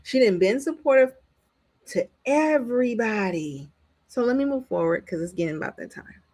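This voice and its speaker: A woman's voice: a little high, normal speed. Blunt, outspoken woman reviewer. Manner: outspoken and blunt, swears freely; animated, acts out what others said. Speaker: reality TV reviewer. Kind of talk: casual commentary.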